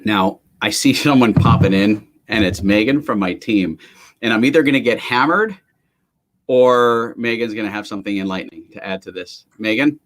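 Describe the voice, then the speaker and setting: A man with a low voice hosts a motivational live stream, talking fast and forcefully in an energetic rant to his viewers. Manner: energetic, emphatic, ranting. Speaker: livestream host. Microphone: webcam or computer mic on a live stream.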